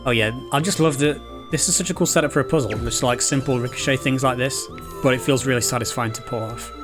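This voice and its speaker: A man's voice: mid-range voice, quick pace. A man giving casual, chatty commentary while playing a video game, thinking aloud. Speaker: streamer. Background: game music.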